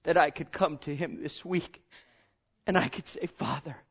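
A man preaching a sermon with passion, swinging from hushed, drawn-out words to loud cries. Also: fairly high pitch, vocal fry, slightly rough, dull audio.

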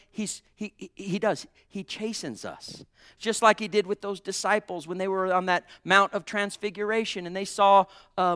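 Male preacher, high clear voice, fervent and emphatic, dry close sound. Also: no room sound. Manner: fervent, swings between hushed and loud emphatic preaching. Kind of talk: sermon.

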